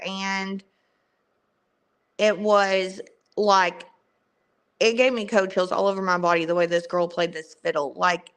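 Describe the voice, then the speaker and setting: Young Southern woman host, bright clear voice, unhurried casual livestream chat. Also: mid-range voice. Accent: strong Southern US. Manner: chatty, greets viewers by name.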